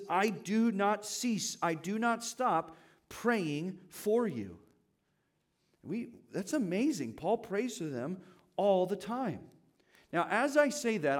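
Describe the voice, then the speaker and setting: A man's voice: high voice, a little mellow. A man preaching a sermon in a church, talking to the congregation in a conversational way and asking them questions. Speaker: pastor.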